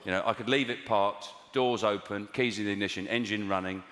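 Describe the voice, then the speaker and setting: A man in his thirties or forties with a London accent, doing a stand-up comedy routine in a conversational, exasperated way with sudden high squeals for emphasis. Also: fairly even intonation, brisk. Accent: London English. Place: large theatre stage before a live audience. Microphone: stage microphone. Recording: roomy hall reverb, loud audience laughter.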